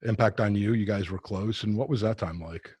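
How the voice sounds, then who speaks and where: A middle-aged podcast host with a New Jersey accent and a husky, raspy voice. He chats casually and jokes about himself. The recording is dry and close, with no room sound. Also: lowish voice, brisk, darkish tone, no echo. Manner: joking and self-deprecating, chatty. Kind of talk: casual interview chat.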